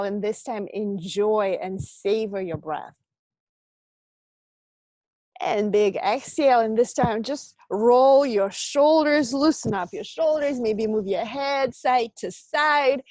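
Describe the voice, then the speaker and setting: Energetic woman coaching a business training. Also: on the high side, dry recording. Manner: energetic, coaching, leads chanted affirmations. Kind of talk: online training session.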